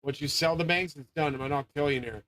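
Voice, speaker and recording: Male channel host, slightly high voice, rambling and profane, prone to yelling. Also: quick pace, slight background noise, low-quality recording. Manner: rambling, swearing, grandiose; often yelling. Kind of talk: profane monologue rant.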